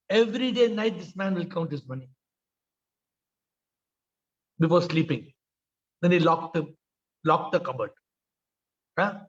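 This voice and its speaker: An older man with an Indian English accent giving an informal spiritual talk on a video call, acting out voices in his stories and often asking "huh?". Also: high voice. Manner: storytelling, acts out quoted voices, frequent "huh?". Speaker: spiritual teacher. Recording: slightly dull video call audio.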